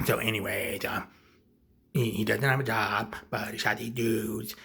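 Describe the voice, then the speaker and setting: A man's voice: on the low side, steady tone, measured pace, creaky, pushed and bright, a little hiss or hum. A man rambling casually through a comic movie recap, offhand and full of fillers. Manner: rambling, offhand, lots of likes and ums.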